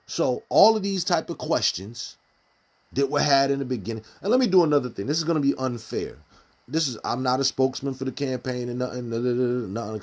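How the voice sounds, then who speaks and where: A man's voice: mid-range voice, breathy edge. A man giving casual live-stream commentary, firing off rhetorical questions in street slang. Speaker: community commentator.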